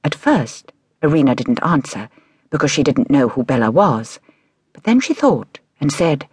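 Breathy woman reading a children's story. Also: low voice, no room sound, studio quality. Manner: measured, expressive storytelling. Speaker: audiobook narrator. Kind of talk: children's audiobook narration.

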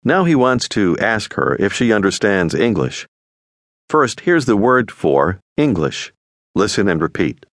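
A man narrating a scripted audio language lesson, giving clear, patient instructions. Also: lowish voice, sing-song, measured pace, fairly bright tone, dry recording, clean studio sound.

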